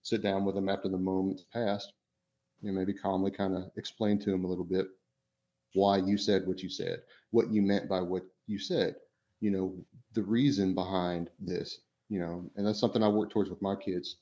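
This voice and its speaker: Low-voiced rambling dad on a podcast. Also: male voice, little pitch movement, normal speed, warm tone, muffled recording. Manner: rambling, many "you know" fillers and restarts. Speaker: podcast co-host and father. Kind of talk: casual podcast chat.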